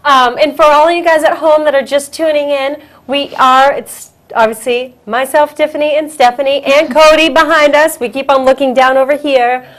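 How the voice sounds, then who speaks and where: A woman hosting a casual talk show, chatty and quick to laugh, with a cough. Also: sits high, steady tone, fairly bright tone. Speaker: host.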